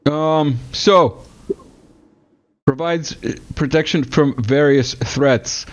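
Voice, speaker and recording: A man's voice: fairly high pitch, slow pace. A man hosting a casual political podcast, hesitant and joking as he reads news items to his guest. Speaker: podcast host. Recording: slightly dull lo-fi sound.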